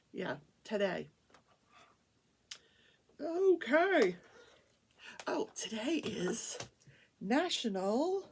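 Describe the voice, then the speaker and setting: Chatty husky woman host. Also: on the high side. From Wichita, Kansas, USA. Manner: chatty, rambling, animated. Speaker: host of a daily crafting talk show. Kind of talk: casual chat while crafting. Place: small home studio.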